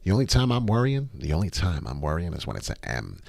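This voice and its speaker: A brash, excitable man rants his way through a live trading stream, swearing freely and wandering off topic. His voice sits low but leaps up and down with feeling. The sound is dry and close. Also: quick pace, creaky, dry recording. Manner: brash, profane, excitable, rambling. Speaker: crypto trading livestream host. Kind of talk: live chart analysis, off-the-cuff rant.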